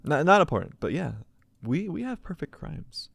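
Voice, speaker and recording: A man's voice: fairly high pitch, very animated, normal speed, vocal fry, a bit bright, dry recording. A young man co-hosting a podcast, telling playful, rambling stories full of fillers in casual chat. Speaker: podcast co-host.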